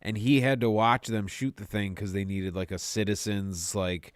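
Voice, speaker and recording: A young man telling a story in casual chat, animated and swearing freely, acting out the voices of people in it. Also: lowish voice, normal speed, clean tone, dry recording, studio quality. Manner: animated, swearing often, acts out quoted voices. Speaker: podcast co-host telling a story.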